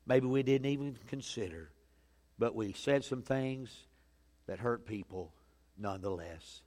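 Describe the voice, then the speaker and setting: A man preaching a sermon as a pastor, telling a story that swings from loud urgency to hushed quiet. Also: mid-range voice, unhurried. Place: church sanctuary. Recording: long hall reverb.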